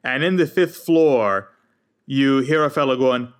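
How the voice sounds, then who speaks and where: A man's voice: mid-range voice, measured pace, noisy background. A man narrating a tabletop role-playing game as game master, in an easygoing, descriptive way.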